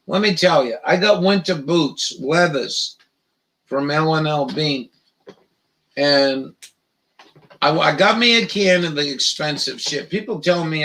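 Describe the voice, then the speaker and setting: A man hosting a casual live stream, rambling in a profane, halting way with lots of restarts. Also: fairly high pitch, sharp tone, poor audio.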